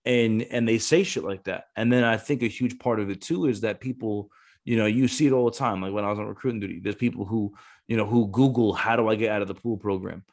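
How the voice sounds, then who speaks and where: A man's voice: on the low side, fast. A man, a Marine gunnery sergeant and former recruiter, talking casually on a podcast, blunt and cursing freely as he acts out the voices in his stories.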